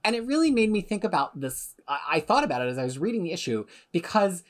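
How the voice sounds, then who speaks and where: A woman co-hosting a comics podcast with a slightly low voice. She talks with passion, often building into an indignant rant and swearing freely. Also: sing-song, fast. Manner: impassioned, ranting, swears. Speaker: podcast co-host. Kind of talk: casual chat.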